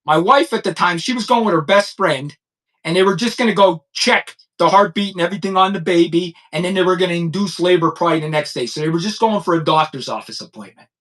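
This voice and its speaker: A fifties-aged crime-commentary host has a voice that sits high with a fairly bright tone, heard on a low-quality recording. In his unscripted monologue he's blunt, heated and repetitive, softening and stumbling when he recalls personal loss.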